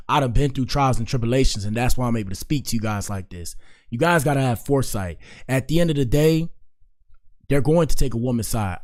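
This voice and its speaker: Rambling man lecturing his listeners. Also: medium pitch. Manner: rambling, heavy on "like" and "you know", earnest lecturing. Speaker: podcast host. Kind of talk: casual commentary.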